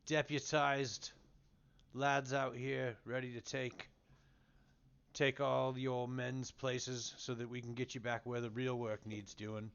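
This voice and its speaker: A man's voice: mid-range voice, flat delivery, takes it slowly, creaky, fairly bright tone, clear, resonant tone. Lo-fi male tabletop player. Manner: casual in-character bluffing. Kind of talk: tabletop role-play. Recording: dull lo-fi audio.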